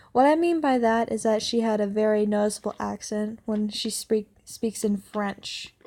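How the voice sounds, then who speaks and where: A young woman with a fairly high voice reads an online story aloud. She often trips over words and goes back to correct herself as she reads. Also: a little mellow. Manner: stumbles and corrects herself while reading. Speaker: story reader. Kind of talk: reading online stories aloud.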